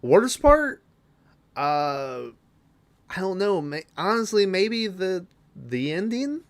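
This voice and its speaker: Man with a lively, smooth voice. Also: high-pitched, slow pace. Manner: rambling, full of fillers and restarts. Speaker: podcast host. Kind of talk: casual movie recap.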